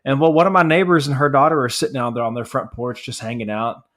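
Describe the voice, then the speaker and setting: Male podcast co-host, casual chat, animated rambling storyteller, mid-range voice. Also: mid-range voice, fast. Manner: married family man.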